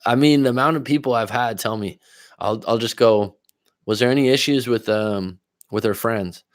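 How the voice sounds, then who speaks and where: A man's voice: mid-range voice, moderate pace, no echo. Laid-back male relationship coach, dry sound. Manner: casual, laughs often, tells personal stories. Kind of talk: livestream chat reading comments.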